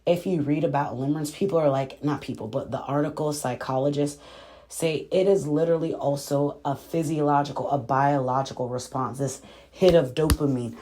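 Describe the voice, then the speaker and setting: Low-voiced woman recapping a show. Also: steady tone, normal speed, warm tone. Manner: chatty, addresses viewers as y'all, acts out quotes. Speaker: reaction video host. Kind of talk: casual reality-show recap and commentary.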